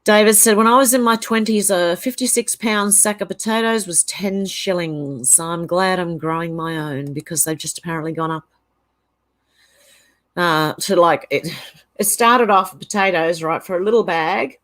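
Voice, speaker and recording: A woman's voice: fairly low pitch, normal speed, fairly bright tone. An Australian woman hosting a casual livestream, reading viewer comments aloud and rambling through her reactions. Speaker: channel host.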